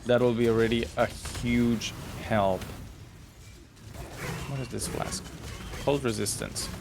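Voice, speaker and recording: A man's voice: mid-range voice, fairly even intonation, takes it slowly, vocal fry, over music. A man co-hosting a game stream, chatting casually with easygoing, slightly non-native phrasing. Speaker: co-host. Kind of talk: casual gameplay chat.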